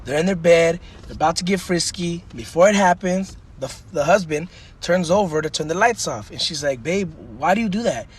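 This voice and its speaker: A man's voice: a little high, moderate pace, slightly rough. A young man telling crude jokes in a loose, casual way, often asking if you know what he's saying. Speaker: TikTok joke teller.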